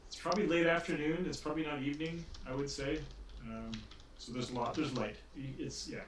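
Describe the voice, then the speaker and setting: A man's voice: a little high, steady tone, a little fast, a crowd in the background. A man running a tabletop game as dungeon master, rambling with many restarts and frequent laughter. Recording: echoey room, distant mic.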